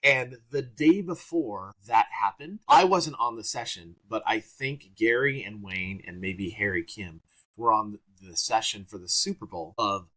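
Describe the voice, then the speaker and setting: A man guesting on an interview podcast, telling lively anecdotes in a casual, excitable way. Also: lowish voice, unhurried. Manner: animated, excitable anecdotes with bursts of energy. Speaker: guest trumpeter. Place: works around Orange County, California.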